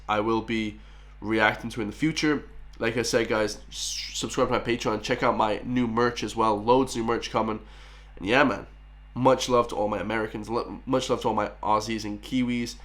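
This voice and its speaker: A man's voice: mid-range voice, fairly even intonation, fairly quick, fairly bright tone. Irish man, reaction video host, casual slangy chat, enthusiastic, talks straight to viewers.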